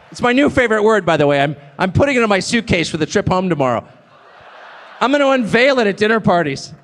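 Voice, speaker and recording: A man giving an animated, sarcastic, off-the-cuff speech to a live audience. He digresses and laughs at his own jokes. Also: high-pitched. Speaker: speaker addressing a live audience abroad. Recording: long reverb of a large hall.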